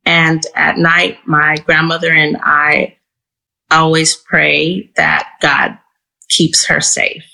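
A woman from Houston, Texas, telling a true personal story in first person, in an earnest, measured, reflective way. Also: deep voice, flat delivery, gravelly, bright, forceful tone, poor audio. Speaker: storyteller and guest.

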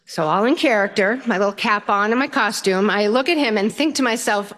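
An older woman, a self-taught storyteller, telling a personal story in a lively, humorous way, her pitch jumping up for punchlines. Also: brisk, hardly any pauses. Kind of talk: personal story told to an audience.

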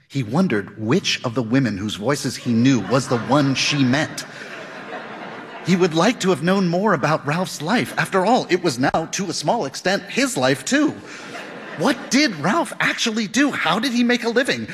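Male audiobook narrator with a husky, animated delivery, recorded with noticeable reverb. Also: sits high, normal speed. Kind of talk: scripted narration of a novel.

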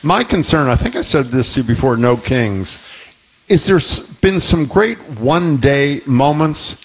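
A man's voice: a little high, animated, a little slow, husky. Male talk-radio host, earnest and probing, slightly dull studio sound.

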